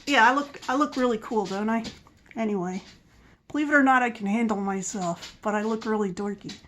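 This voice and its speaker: A middle-aged vlogger from the Philadelphia area chats casually and ramblingly, laughing at herself, with an accent that mixes Philadelphia and the Southern US. Her voice is a little high and a bit bright, and she talks a little fast. There's slight background noise.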